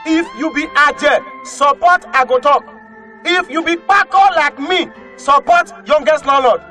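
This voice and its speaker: A man with a Nigerian accent, a comedian doing playful, teasing banter in pidgin with shouted chants. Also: very high voice, a little slow, soft background music.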